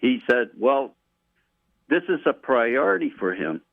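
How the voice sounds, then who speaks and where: A man's voice: mid-range voice, big pitch swings, unhurried, gravelly, dry recording. Male caller on a tinny phone line. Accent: Guam. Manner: earnest, explains at length. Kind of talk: phoning in to a radio show.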